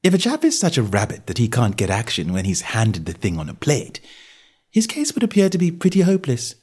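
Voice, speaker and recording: A man's voice: mid-range voice, wildly swooping pitch, a little fast, a little mellow, husky. A man narrating a comic novel in the first person, with jaunty, wry storytelling and varied character voices. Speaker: audiobook narrator.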